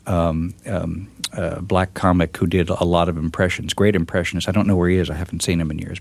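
A middle-aged man answers interview questions in a very low voice, thoughtful and halting as he restarts his sentences. The sound is dry and close, with no room echo. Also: gravelly, darkish tone. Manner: thoughtful, halting with repeated starts. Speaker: author guest. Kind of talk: reflective interview talk.

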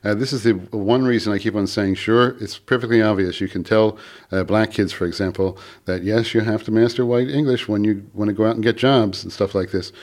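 A man with a low voice takes calls as a radio guest. He speaks thoughtfully, pausing often with fillers as he works through his points. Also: steady tone, darkish tone. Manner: hesitant, thoughtful, with many fillers. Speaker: radio guest, language author. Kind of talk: call-in radio conversation.

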